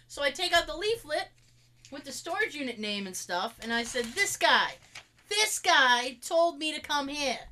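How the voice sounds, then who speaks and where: A woman with a Massachusetts accent tells a long story in casual chat. Her bright, fairly high voice leaps around as she acts out the scenes. She throws in playful sound effects.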